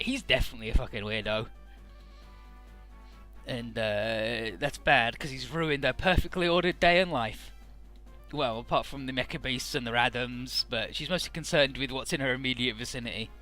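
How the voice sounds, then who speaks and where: A man's voice: mid-range voice, normal speed, sharp tone, faint music behind. A man casually recapping a game's story in an offhand, profane, amused way, with frequent "uh"s.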